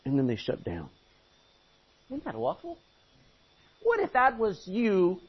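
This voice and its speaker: A man's voice: high-pitched, wildly swooping pitch, takes it slowly, slightly rough. A man preaching a sermon, exhorting the congregation with rhetorical questions, in a muffled lo-fi recording. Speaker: pastor.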